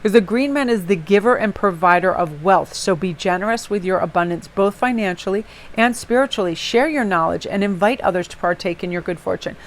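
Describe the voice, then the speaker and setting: A woman's voice: medium pitch, a little fast. Chatty woman giving a tarot reading. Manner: chatty and rambling, with personal asides and many fillers. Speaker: tarot reader. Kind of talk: casual tarot reading for viewers.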